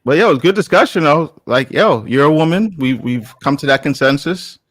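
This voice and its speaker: A man's voice: fairly high pitch, animated, normal speed, a bit bright, no echo. A man arguing bluntly in a heated debate, teasing and repeating his points.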